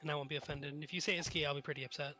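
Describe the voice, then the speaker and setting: A man in casual gaming chat with friends, easygoing and quick to laugh. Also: a little high, steady tone, sharp tone, faint music behind. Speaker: game player.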